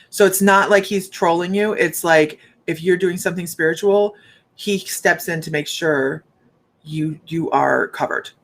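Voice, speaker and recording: A woman working as a psychic medium, giving a rambling, chatty live reading and talking straight to her viewers. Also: deep voice.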